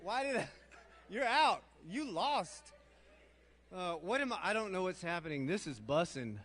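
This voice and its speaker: Animated older man fumbling through slang. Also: high-pitched, measured pace. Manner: self-mocking, stumbling over slang, laughing. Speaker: youth minister leading a game. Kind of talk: playful group game in front of students.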